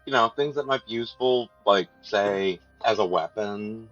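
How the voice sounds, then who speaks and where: A man's voice: fairly low pitch, moderate pace, a bit bright, faint music behind. A man playing a tabletop game, answering briefly and matter-of-factly. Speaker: player. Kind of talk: casual chat at a game table. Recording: dull lo-fi mic.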